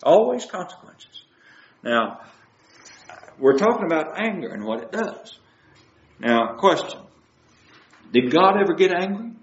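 A man's voice: high-pitched, very animated, measured pace, pauses often, echoey room, lo-fi sound. A man preaching a sermon, asking his listeners question after question. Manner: asks the audience many questions.

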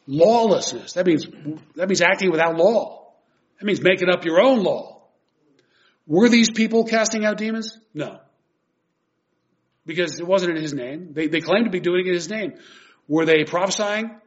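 A man's voice: high voice, moderate pace. A man preaching a sermon earnestly and emphatically, reading scripture aloud and explaining it. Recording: dull lo-fi recording.

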